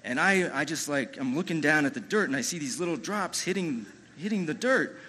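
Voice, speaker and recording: A man telling a personal story live on stage, chatty and animated, with lots of "you know" and restarts. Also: fairly high pitch, a little fast, a little hiss or hum.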